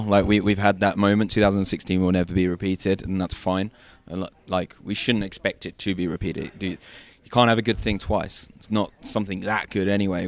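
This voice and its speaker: A man with an English accent, a guest journalist chatting casually in a roundtable over a video call, with many fillers and restarts. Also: low-pitched. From England.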